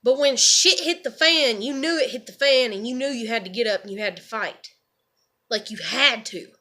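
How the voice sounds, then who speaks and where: Bright-voiced woman rambling. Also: on the high side, moderate pace. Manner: rambling, swears freely, leans on "you know" and "like". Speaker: vlogger. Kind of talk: casual rambling monologue.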